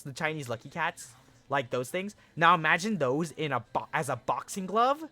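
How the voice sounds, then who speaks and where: A young man hosts a casual live stream, excitedly chatting with viewers, swearing and laughing as he reacts to the chat. His voice is on the high side.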